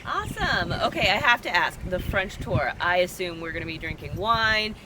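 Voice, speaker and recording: A woman's voice: on the low side, lively intonation, moderate pace, background noise. A woman with an American accent hosting a casual interview outdoors, friendly and chatty. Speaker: host. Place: outdoors at a birding event.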